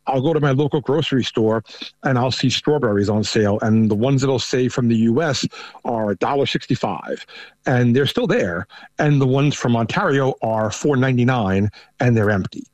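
A man's voice: mid-range voice, moderate pace, darkish tone, no echo. A man from New York with a thick New York accent, a panel guest talking conversationally and often restarting his sentences. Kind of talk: casual remote interview.

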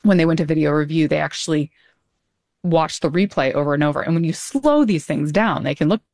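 Low-voiced woman explaining with many ums. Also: expressive, fairly quick, darkish tone. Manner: thoughtful, many ums, laughs lightly. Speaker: guest commentator. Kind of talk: casual conversational analysis.

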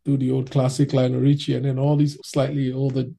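A man casually telling an animated anecdote in an interview, acting out the voices of the people in it. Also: medium pitch, brisk, gravelly. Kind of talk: casual storytelling.

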